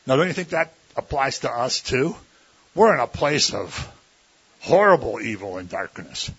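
A man's voice: mid-range voice, big pitch swings, moderate pace, fairly bright tone, slightly rough. Folksy preacher man, lo-fi. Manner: conversational, folksy, with many fillers and mimicked voices. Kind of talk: sermon. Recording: dull lo-fi recording.

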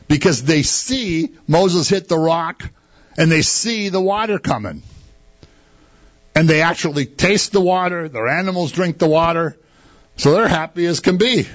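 A man's voice: a little high, lo-fi sound. A man preaching a sermon in a conversational way, asking his listeners rhetorical questions.

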